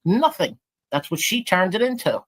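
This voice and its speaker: A woman's voice: mid-range voice, big pitch swings, normal speed. A woman in a live group chat, talking indignantly and defending herself against someone she accuses. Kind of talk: casual heated chat.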